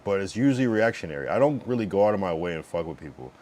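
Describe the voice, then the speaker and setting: A man's voice: low voice, lively intonation, very fast, darkish tone. A male streamer chatting casually to his viewers, rambling, profane and blunt, with lots of fillers. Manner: talks to chat while fiddling with his stream setup. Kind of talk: casual livestream chat.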